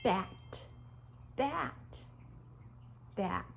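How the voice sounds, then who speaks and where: A woman's voice: medium pitch, lively intonation, drawn-out words, gravelly. A woman hosting a preschool show, talking to toddlers in an exaggerated, sing-song way as she teaches and reads aloud. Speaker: children's show host.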